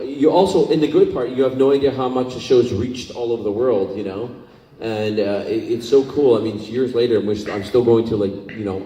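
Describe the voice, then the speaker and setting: A man's voice: mid-range voice, warm tone. Scottish-born man telling stories in an echoey hall. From Scotland. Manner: rambling, emotional, many fillers. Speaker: convention guest actor. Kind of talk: convention panel storytelling. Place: convention hall. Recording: echoey hall, distant mic.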